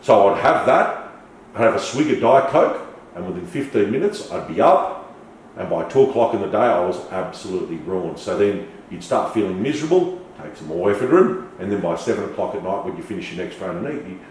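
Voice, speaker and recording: A middle-aged man telling lively stories as a podcast guest. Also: sits low, a little fast, very echoey, far from the mic, a little hiss or hum, poor audio. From Australia. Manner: animated, swearing, storytelling with acted quotes. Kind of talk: casual storytelling interview.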